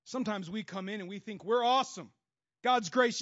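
Man, pastor, sermon, high voice, impassioned, swings loud to hushed, lo-fi recording. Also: brisk. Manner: acts out God's voice and inner voices in quotes. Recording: dull lo-fi sound.

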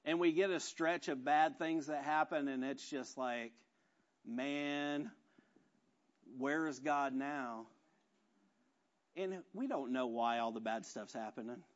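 A man's voice: mid-range voice, normal speed, few pauses, dull audio. A man preaching a conversational, self-deprecating sermon full of rhetorical questions. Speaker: pastor.

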